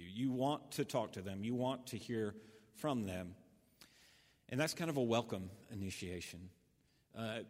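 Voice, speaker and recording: A man preaching a sermon as pastor, telling a folksy story with lots of fillers and restarts. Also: medium pitch. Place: church sanctuary. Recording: church hall reverb.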